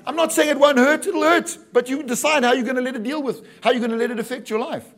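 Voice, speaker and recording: High-voiced, animated pastor. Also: male voice, fast. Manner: animated, jokey preaching with acted-out asides and calls of "Amen?". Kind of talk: sermon.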